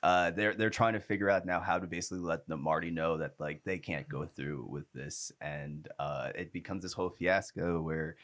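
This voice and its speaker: A man's voice: low-pitched, moderate pace, few pauses, a bit bright. A man co-hosting a casual TV review podcast, recapping in a loose, rambling way. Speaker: podcast co-host.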